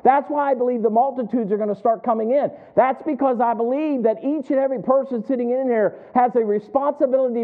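Preacher guy, really high voice, sounds tinny like a phone line, asks the church stuff back. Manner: preaching, asking the congregation call-and-response questions. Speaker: pastor. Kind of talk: sermon.

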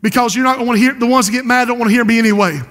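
A man with a South Carolina Lowcountry accent preaching a passionate sermon to a congregation, building to shouted refrains. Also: fairly even intonation, very fast. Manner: impassioned, rising to shouted refrains. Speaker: pastor. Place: large church sanctuary. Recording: long reverb of a church hall.

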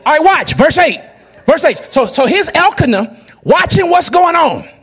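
A middle-aged pastor preaching a lively, joking sermon that bursts into shouts at its peaks. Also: male voice, very high-pitched, normal speed, a faint crowd.

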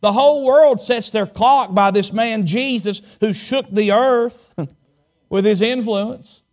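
A male pastor from Southwest Virginia, preaching a sermon and stretching out key words for emphasis. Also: high voice. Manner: dramatic preaching, slows and stretches key words, tells folksy stories.

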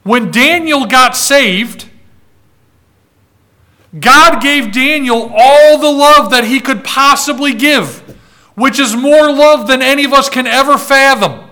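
High, bright-voiced preaching man. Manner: emphatic preaching with repeated words and long pauses; reads scripture aloud in old-fashioned wording. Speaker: pastor. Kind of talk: sermon.

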